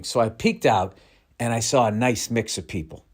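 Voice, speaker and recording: A man's voice: medium pitch, normal speed, slightly rough. A middle-aged male comedian telling a rambling, profane, self-mocking story in a podcast monologue.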